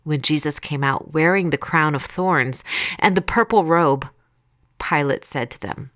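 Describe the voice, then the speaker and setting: A woman reading scripture aloud in a calm, deliberate, expressive way. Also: deep voice, no room sound, clean studio sound. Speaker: Bible reader.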